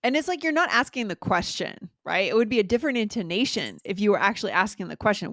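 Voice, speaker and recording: A woman's voice: mid-range voice, very animated, fast talker, few pauses, a bit bright, no room sound. An enthusiastic woman with a mid-range voice co-hosts a podcast for English learners. She keeps the talk upbeat and often ends her points with "right?". The recording is dry and close to the mic. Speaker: podcast co-host, English teacher. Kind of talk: casual teaching chat.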